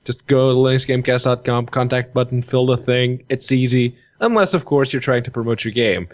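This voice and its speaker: A man's voice: mid-range voice, a little fast. A man hosting a gaming podcast, reading listener mail in a teasing, mock-announcer way. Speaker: podcast host. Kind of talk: casual podcast banter.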